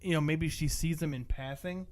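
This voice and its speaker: At a normal speed and fairly high pitch, this podcast co-host walks through a horror movie's plot. His movie review chat is casual and wandering, full of "like" and offhand cursing.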